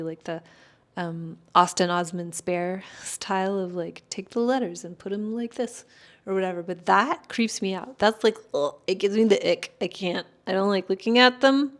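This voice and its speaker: A woman's voice: medium pitch, moderate pace. A woman astrologer in casual chat, answering viewer questions in a rambling, hedging way, full of fillers and self-corrections.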